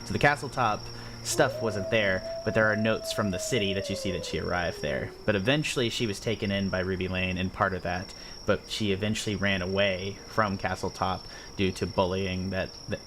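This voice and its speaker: A man narrating as game master of a tabletop game, rambling with quick asides. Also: low-pitched, noisy background.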